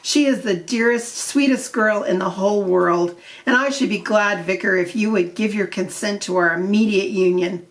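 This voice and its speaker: A woman's voice: medium pitch, moderate pace, natural voice. A woman voicing a young male curate, brash and hearty, speaking with breezy, slangy confidence.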